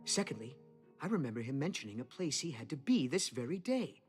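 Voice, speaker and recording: A man's voice: mid-range voice, very animated, a little fast, natural voice. A fretful male merchant in a video game, voiced by a man frets and apologizes in a mid-range voice. He sounds anxious and wordy. Faint game music sits underneath. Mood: remorseful.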